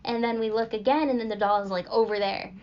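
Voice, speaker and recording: Young woman podcast host, rambling and giggly, slightly high voice, dull lo-fi sound. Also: steady tone, fast. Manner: rambling with frequent fillers and giggles. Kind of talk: casual storytelling. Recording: dull lo-fi recording.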